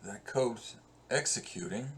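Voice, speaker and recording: Slow-talking male professor teaching code. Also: mid-range voice, fairly bright tone, a little hiss or hum. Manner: slow, conversational, thinks aloud while working. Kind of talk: screen-recorded coding lesson.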